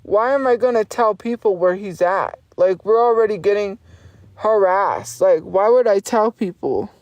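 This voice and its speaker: A foul-mouthed woman streamer snaps back at her chat, swearing freely and hammering the same points again and again. Her voice sits at an ordinary middle pitch. The sound is close and dry, with no room echo. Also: normal speed, darkish tone. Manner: profane, insistent, defiant, repeats herself. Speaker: livestreamer. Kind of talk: livestream rant at chat.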